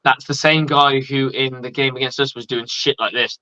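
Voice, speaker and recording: A man's voice: medium pitch, steady tone, moderate pace, bright, forceful tone, no room sound, muffled recording. An English man co-hosting a casual sports chat, bantering and swearing freely. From England. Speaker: podcast co-host and former coach.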